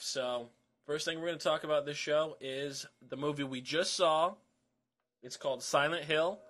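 A man's voice: mid-range voice, fairly bright tone. A man co-hosting a podcast, trading dry jokes in casual chat. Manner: joking, dry banter. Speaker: podcast co-host.

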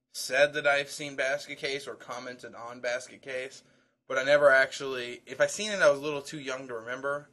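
A man co-hosts a loose, crude podcast chat. His voice is bright and forward, and he meanders between plans and jokes with frequent uhs. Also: medium pitch. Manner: rambling, crude jokey banter with filler. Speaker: podcast co-host. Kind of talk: casual chat.

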